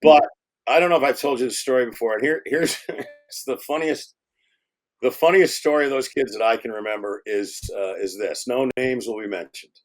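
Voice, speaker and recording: An older man, a film director, telling stories casually in an interview, rambling, with many fillers and restarts, getting animated at the funny parts. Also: mid-range voice, normal speed.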